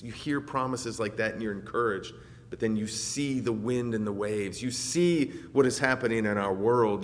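A man preaches with a dynamic delivery, rising to loud, emphatic peaks and then dropping to a soft, reflective murmur. His voice sits at an average pitch, and a long reverb trails each phrase as if he is speaking in a large hall. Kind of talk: sermon.

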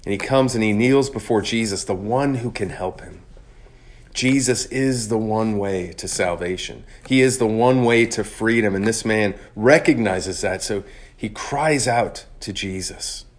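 A man with a fairly low voice delivers a sermon from the pulpit. He speaks earnestly and deliberately, drawing out key phrases for emphasis. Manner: earnest, measured preaching with slowed emphatic phrases. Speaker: preacher.

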